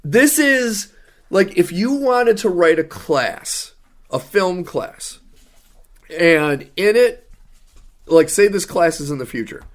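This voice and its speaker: A man's voice: high voice, animated, takes it slowly. A young adult man co-hosting a casual podcast, reviewing a movie in an exasperated, sarcastic rant. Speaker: podcast co-host.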